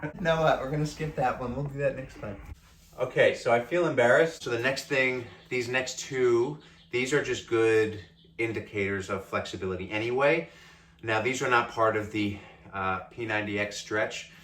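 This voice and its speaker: A man's voice: mid-range voice, moderate pace, fairly bright tone, reverberant. A man with an Australian accent, filming a casual workout vlog, whining and groaning as he strains through stretches, a bit out of breath. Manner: whiny, self-mocking, groaning through stretches. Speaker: fitness vlogger.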